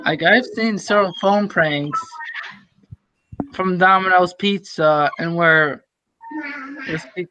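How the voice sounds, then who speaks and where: Young man, rambling and halting, lots of fillers, high pitched, muffled lo-fi chat audio. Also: sharp tone. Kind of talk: casual group voice chat.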